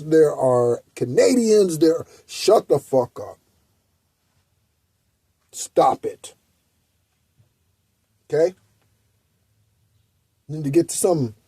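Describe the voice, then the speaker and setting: A man's voice: on the high side, dark tone, husky, no room sound. A man hosting a spiritual guidance channel, giving a blunt, preachy, profane motivational talk. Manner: blunt, preachy, heavy swearing.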